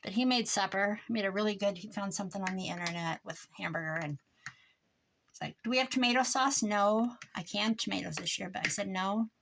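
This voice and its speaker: A woman's voice: mid-range voice, a little fast, vocal fry, a bit bright, a little hiss or hum. An older woman from Iowa telling a rambling story in a casual chat while she crafts at her desk, laughing often. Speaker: crafter vlogger.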